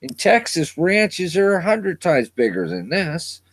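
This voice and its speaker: A man doing a boastful Texan rancher from a told joke, drawing out every brag in a lifted, higher voice. The delivery is slow and deliberate. The sound is dry and close, with no room around it. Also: very animated, no room sound, heavily acted. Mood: bragging.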